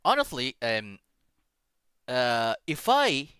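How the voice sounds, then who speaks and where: An excitable man chatting casually as a stream guest, his pitch swooping all over as he talks. His tone is bright and forceful, and he stumbles through plenty of fillers. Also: slow, clear, resonant tone, no room sound, clean studio sound. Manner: excitable, laughs loudly, many fillers. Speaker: guest Vtuber. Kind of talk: casual collab stream chat.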